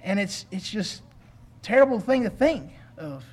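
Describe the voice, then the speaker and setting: Man preaching, very high voice, earnest, pleading, rhetorical questions. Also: very animated, a little slow. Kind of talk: sermon.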